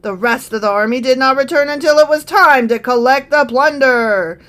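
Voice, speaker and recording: A woman putting on a loud announcer voice for a list of ancient warriors, calling out each name with showy build-up. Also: high-pitched, moderate pace, clear, resonant tone. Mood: hyped. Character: booming male sports-style announcer.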